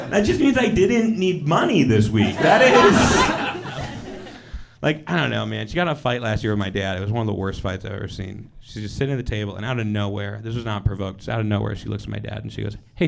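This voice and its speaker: A man performing stand-up comedy in a casual, animated way, laughing between his lines. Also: on the low side, fairly quick, creaky, noisy background.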